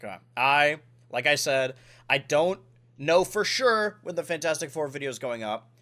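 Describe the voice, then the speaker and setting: A man's voice: on the high side, animated, moderate pace, bright, forceful tone. A man in his twenties hosting a casual podcast, rambling and correcting himself, with lots of "like". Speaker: podcast host.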